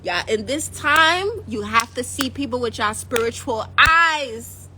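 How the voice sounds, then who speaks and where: A young Jamaican woman with a bright, fairly high voice, chatting casually to her viewers as a spiritual coach. She is jokey and animated, laughs easily and drifts into patois. A faint hiss of room noise sits under her voice. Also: a little slow, poor audio. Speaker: spiritual coach and YouTube host.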